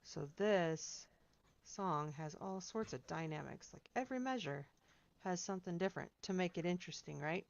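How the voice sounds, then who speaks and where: A woman's voice: lowish voice, animated, normal speed, vocal fry, dry recording, highs cut off. A woman piano teacher giving chatty, encouraging feedback to students in a seminar, singing out rhythms as she explains.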